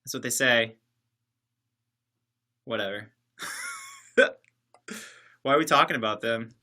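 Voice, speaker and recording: A man livestreams by himself from a separate building, casually reading viewer comments and replying in a sarcastic, joking, meandering way. His mid-range voice sounds pushed and bright, and he takes his time.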